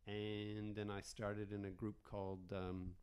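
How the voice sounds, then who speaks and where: Low-voiced Canadian-born man telling rambling stories. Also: measured pace, clear, resonant tone. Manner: rambling, animated storyteller with frequent restarts. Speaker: comedian guest. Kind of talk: casual podcast storytelling.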